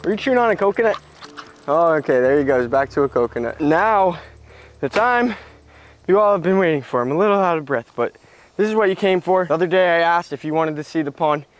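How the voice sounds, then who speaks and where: Excitable young man vlogging outdoors. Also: fairly high pitch, brisk, faint music behind. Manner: excitable, slangy, talks straight to viewers. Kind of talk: casual outdoor vlog narration. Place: backyard outdoors.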